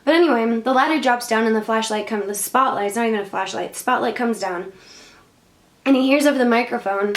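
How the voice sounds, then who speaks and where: High-voiced slangy woman telling a story. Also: fast. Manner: slangy, rambling with many fillers. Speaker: vlogger. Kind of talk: casual storytelling and spiritual advice. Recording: roomy echo.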